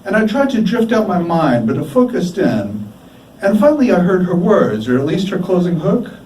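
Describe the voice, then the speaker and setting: Guy doing a live story reading, slow deliberate pauses, warm mellow voice, sounds far from the mic. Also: high-pitched, sing-song, a little hiss or hum. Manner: measured, deliberate delivery with dramatic pauses. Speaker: writer reading his work. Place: bar, live event. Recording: echoey bar from a distant mic. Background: faint room ambience.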